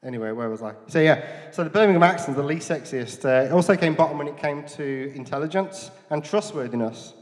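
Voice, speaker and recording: A man's voice: on the high side, animated, a little fast, hardly any pauses, long reverb tail. A man in his forties with a Black Country accent doing a self-deprecating stand-up set at a comedy club, chatting with the crowd between jokes. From Dudley, England. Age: 40s. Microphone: handheld mic.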